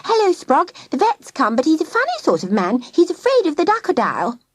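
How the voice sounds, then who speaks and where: A woman's voice: sits high, huge pitch swings, a little fast, no room sound, clean studio sound, voice pushed up. A woman reading the part of a bold, impatient young girl. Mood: eager. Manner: eager, impatient.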